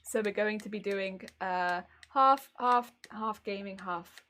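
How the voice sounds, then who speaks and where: A woman's voice: mid-range voice, slow, few pauses, a bit bright. A woman chatting casually while streaming a game, giggly and talkative, greeting viewers as she plays. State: recovering from a migraine. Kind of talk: casual gaming stream chat.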